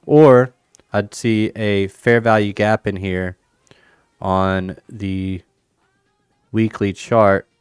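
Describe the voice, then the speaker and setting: Relaxed male crypto streamer, smooth voice. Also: lowish voice, drawn-out words, pauses often, dry recording, clean studio sound. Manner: relaxed, thinking aloud, playful banter. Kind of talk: casual livestream chat over charts and chess.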